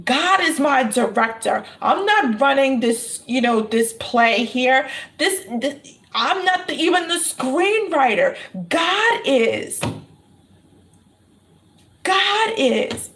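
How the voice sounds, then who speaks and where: A woman speaks to her viewers as a tarot reader and spiritual channeler in a casual, preaching-style talk. Her voice sits high and her delivery is slow and unhurried. She drives her points home by repeating phrases and laughs often. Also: animated, a bit bright.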